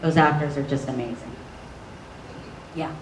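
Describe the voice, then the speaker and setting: Brief: bubbly panel-guest actress, lively, laughs a lot; roomy hall sound, distant mic. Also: female voice, deep voice, measured pace, slight background noise. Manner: animated, bubbly, laughs often. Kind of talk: convention panel Q&A. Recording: echoey hall audio from a distance.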